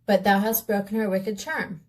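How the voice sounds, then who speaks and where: A woman playing a gentle spellbound maiden. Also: mid-range voice, level tone, moderate pace, slight background noise, lightly acted. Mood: tender. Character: young maiden freed from a witch's spell.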